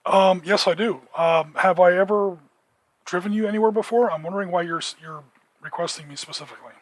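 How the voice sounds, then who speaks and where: A man's voice: high-pitched, brisk, dry recording, rough recording. A man voicing a guarded male taxi driver tied to the mafia, who speaks curtly and warily. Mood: wary.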